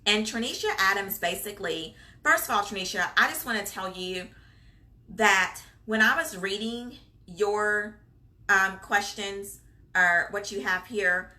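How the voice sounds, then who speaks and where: Bright-voiced woman coaching on a live stream. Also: mid-range voice. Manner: chatty and encouraging, many fillers, reads viewer comments aloud. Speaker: childcare business coach hosting a live Q&A.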